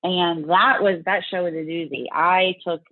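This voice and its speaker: A middle-aged woman from Louisiana in the US South speaks in a lowish, steady voice at a measured pace, with no echo. She's a fitness competitor appearing as a guest in a casual interview, chatting and acting out her own past reactions in quotes. The line sounds dry and tinny, like a phone.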